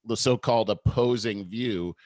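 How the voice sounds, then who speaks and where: A man's voice: on the low side, moderate pace, darkish tone, no echo, studio quality. A man in his fifties co-hosting a podcast, explaining ideas earnestly in casual conversation, often restarting sentences. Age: 50s. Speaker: podcast co-host.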